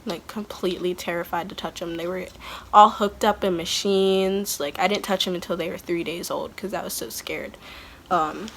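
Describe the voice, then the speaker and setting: A woman's voice: fairly low pitch, steady tone, normal speed, fairly bright tone, slight background noise. A young woman vlogger telling a story in a chatty, candid way, full of "like" and blunt asides. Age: young adult. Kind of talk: casual storytime. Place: at home, kids nearby.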